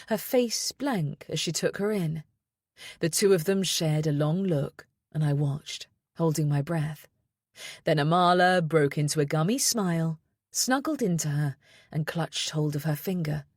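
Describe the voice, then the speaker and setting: A woman reading a first-person thriller audiobook in a measured, steady way. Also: sits low, no room sound, studio quality. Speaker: audiobook narrator.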